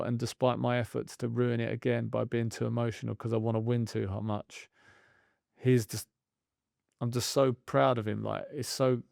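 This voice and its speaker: A man's voice: mid-range voice, vocal fry, a little mellow, dry recording, clean studio sound. A man chatting candidly and self-deprecatingly on a podcast about coaching kids' football. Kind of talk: casual podcast chat.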